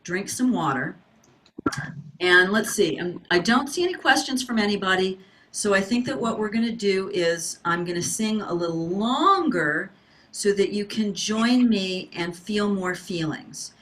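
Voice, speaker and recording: A woman's voice: mid-range voice, expressive, unhurried, fairly bright tone. A middle-aged woman leads an online singing workshop through a video call. She talks in an encouraging, coaching manner and keeps asking her class to wave and respond. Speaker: voice teacher.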